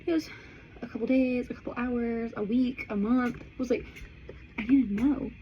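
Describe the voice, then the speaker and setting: A woman's voice: fairly high pitch, fairly even intonation, normal speed, highs cut off, slight background noise. A young woman telling a story to her vlog audience in a chatty way, with "like" in nearly every phrase. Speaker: vlogger. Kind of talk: casual storytime chat.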